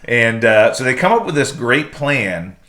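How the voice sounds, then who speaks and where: A man's voice: mid-range voice, big pitch swings, a little slow, pushed and bright. A man co-hosting a podcast, chatting casually and retelling scenes with quoted lines acted out. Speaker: podcast co-host. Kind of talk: casual chat.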